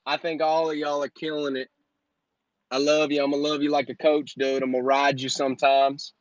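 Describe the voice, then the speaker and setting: A man in his thirties runs a live Q&A, brash and joking and full of motivation, his voice sitting a little high for a man. The sound is dull and dry, as if captured on a phone. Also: flat delivery, moderate pace, no room sound. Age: 30s. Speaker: host and business coach. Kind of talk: live Q&A stream.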